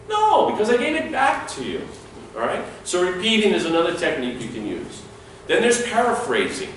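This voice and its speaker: A man's voice: medium pitch, slight background noise. A man giving a classroom training lecture, acting out short sample dialogues. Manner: lively, demonstrates dialogue with acted lines. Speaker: security trainer. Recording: echoey room, speaker far from mic.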